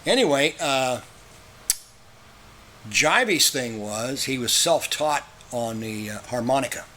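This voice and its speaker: A man's voice: mid-range voice, expressive, takes it slowly, sharp tone, slight background noise. A middle-aged man, a railroad worker, reminiscing in a plainspoken, easygoing way with trailing fillers. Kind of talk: conversational reminiscing.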